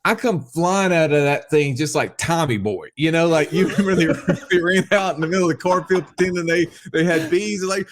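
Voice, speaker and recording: A man telling a wild story as a podcast guest, excitable and quick to laugh, quoting people as he goes. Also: on the high side. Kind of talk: animated storytelling.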